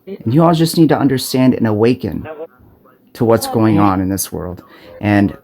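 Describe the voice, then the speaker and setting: In a lowish, darkish voice at a moderate pace, a self-made video preacher from Arizona records a smartphone monologue. It's an urgent, impassioned spiritual warning, profane and full of stumbles and restarts.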